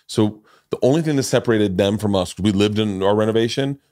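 A man in his forties hosting a podcast, telling stories in a loud, animated and profane way. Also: fairly low pitch, fast, dry recording, studio quality. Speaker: podcast host. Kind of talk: casual storytelling chat.

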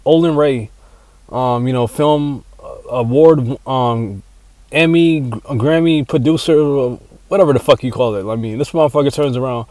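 A man hosting his own solo podcast, rambling and excitable, swearing constantly as he talks. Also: medium pitch, no echo. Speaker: podcast host. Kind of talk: casual solo podcast monologue.

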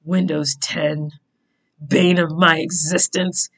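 A young woman rambles and giggles through tangents while planning her bullet journal, a casual plan-with-me chat recorded on a desk microphone at her computer. She speaks slowly in a low voice with little pitch movement and vocal fry.

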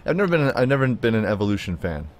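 A gaming YouTuber gives playful, chatty commentary, talking both to his car and to his viewers and jumping into high, silly tones. His delivery is sing-song and rapid-fire.

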